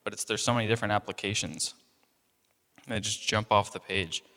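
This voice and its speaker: A young male preacher gives a casual, conversational sermon in a large hall, packed with fillers and acting out the voices and reactions of people in his story. His voice is on the low side, fairly quick, and sharp in tone.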